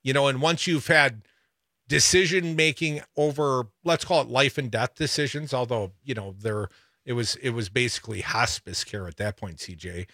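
A man's voice: medium pitch, normal speed, bright, forceful tone, no echo, studio quality. A man hosting a radio talk show, bantering and playfully ribbing a regular caller. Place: radio studio.

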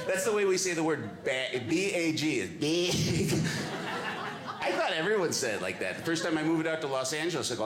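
A man's voice: a little high, sing-song, brisk, echoey room, over a noisy crowd. A male comedian with a nasal Wisconsin accent doing stand-up.

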